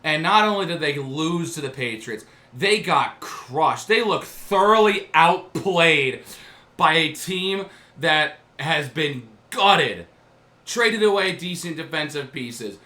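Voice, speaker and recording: Man, fan reaction host; bright, sharp tone, mocking rant broken by laughter, echoey room. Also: on the high side, animated, slow, distant mic. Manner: mocking, keeps breaking into laughter. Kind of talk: casual rant to camera. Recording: echoey room, voice away from mic.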